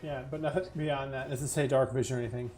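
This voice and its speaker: A game master with a mid-range voice narrates a tabletop game quickly and steadily over music, chatting casually and often laughing through vivid descriptions. It sounds like a headset or desk mic on an online stream.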